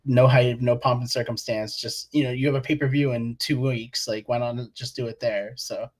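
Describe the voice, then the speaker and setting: A man's voice: mid-range voice, fairly even intonation, normal speed. Easygoing guy from boston, guest on a wrestling podcast, chill and kinda hesitant. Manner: laid-back, hesitant with fillers. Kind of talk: casual wrestling podcast chat.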